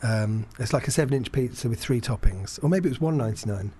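A man in casual conversation, telling a rambling story about himself. He stumbles over his words, restarts sentences and fills pauses, with a self-deprecating edge and a middle-pitched voice. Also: animated, mellow, slightly rough. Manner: self-deprecating, halting with many fillers and restarts. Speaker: podcast guest storyteller. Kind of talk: casual chat, rambling anecdote.

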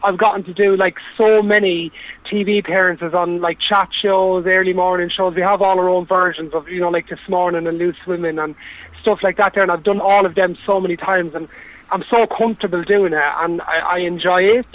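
Irish man, high voice, earnest, rambling, lots of fillers, dull lo-fi line. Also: fairly even intonation, a little fast. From Ireland. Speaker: guest. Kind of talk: casual interview chat.

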